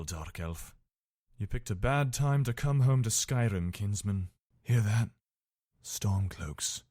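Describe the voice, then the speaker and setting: A man's voice: mid-range voice, darkish tone, dry recording, studio quality, natural voice. A man voicing a young male soldier in a video game, asking blunt, probing questions. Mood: urgent. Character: young male Imperial soldier, wary and curious.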